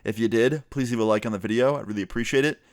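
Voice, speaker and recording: A man's voice: medium pitch, rapid-fire, no room sound, studio quality. Young man telling a casual story time. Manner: animated, swearing, acts out quotes in raised voice.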